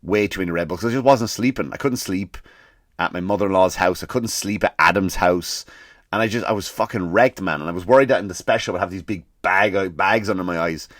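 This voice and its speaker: A man hosting a comedy podcast, ranting casually with lots of swearing and animated storytelling. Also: low-pitched, a little fast, dry recording, studio quality.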